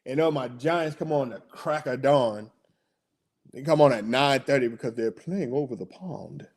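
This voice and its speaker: A man hosting a casual sports talk livestream, slangy and excitable, rambling about his picks. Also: mid-range voice, moderate pace, husky. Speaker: sports podcast host.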